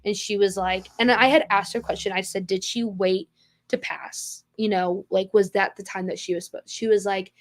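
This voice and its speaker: A woman's voice: medium pitch, fairly even intonation, moderate pace. A young woman co-hosting a casual podcast, telling a long story in a rambling way with lots of fillers and restarts. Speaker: podcast co-host. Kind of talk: casual chat.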